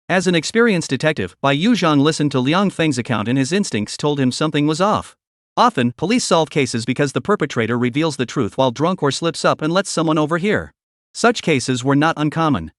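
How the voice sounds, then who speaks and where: A man narrating a recap story in a scripted, lively storytelling manner. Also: on the high side, a little fast, dry recording, clean studio sound.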